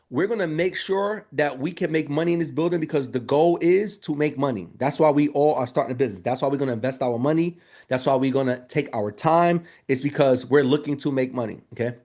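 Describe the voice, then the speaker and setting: Upbeat, joking male trainer. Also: on the high side. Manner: energetic, joking, addresses audience as y'all. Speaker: business trainer. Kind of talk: live training talk.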